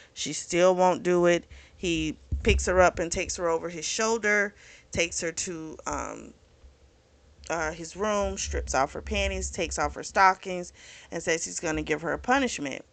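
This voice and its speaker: A woman hosting a book club video talks through a novel's plot in a loose, chatty way. She is blunt and candid, dropping swear words and plenty of "like." Her voice sits somewhat low for a woman. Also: a bit bright. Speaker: book club vlog host. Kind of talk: casual book review recap.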